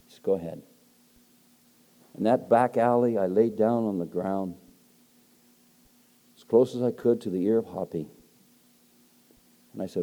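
Low, mellow older male preacher. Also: unhurried, long pauses. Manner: emphatic, swings between loud emphasis and soft hushed storytelling. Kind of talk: evangelistic sermon.

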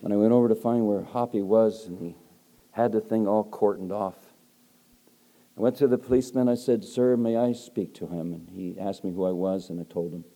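Low, mellow older male preacher. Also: fairly even intonation, moderate pace. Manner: emphatic, swings between loud emphasis and soft hushed storytelling. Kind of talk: evangelistic sermon.

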